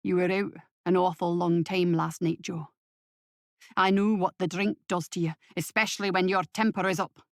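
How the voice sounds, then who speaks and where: A blunt, wary Scottish partner with a sardonic edge, as a woman reader plays him. She drops her voice lower for him. The sound is dry and close. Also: steady tone, normal speed, no echo, natural voice. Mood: accusing.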